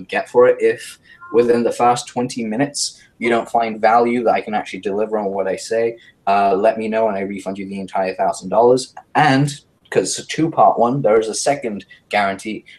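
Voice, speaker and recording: A man talking fast and brashly as a guest in a casual interview, animated and self-mocking. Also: fairly low pitch, poor audio.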